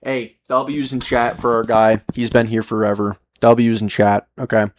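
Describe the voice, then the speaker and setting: Guy streaming live, rambly and sweary, keeps restarting sentences, ordinary pitch. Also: little pitch movement, moderate pace. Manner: rambling, profane motivational rant with many restarts. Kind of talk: casual live-stream talk.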